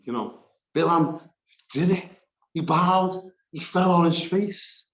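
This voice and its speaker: A man teaching a Bible study, animated and laughing between his points as he reads scripture aloud. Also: on the high side, slow, reverberant.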